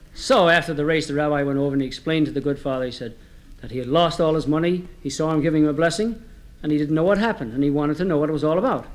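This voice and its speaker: A man with a fairly high voice spins homespun jokes for a comedy record. His telling is chatty and easygoing, and he turns often to his listeners as he goes. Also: quick pace, hardly any pauses. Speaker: comedy storyteller.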